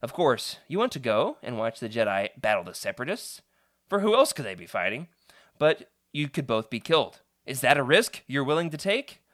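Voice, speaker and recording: A man's voice: mid-range voice, sing-song, moderate pace, a bit bright. A man hosting a live stream, chatty and playful, reading a choose-your-own-adventure book aloud to his viewers.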